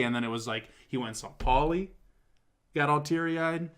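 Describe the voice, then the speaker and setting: A man co-hosting a casual talk show, telling a story in an excitable, animated way and swearing often. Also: on the high side, normal speed. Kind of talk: casual chat.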